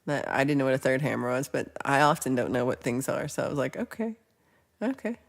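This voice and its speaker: A woman's voice: a bass voice, fairly even intonation, fast, gravelly. A woman hosting a casual livestream, chatting, teasing and laughing as she reads viewer comments. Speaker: livestream host.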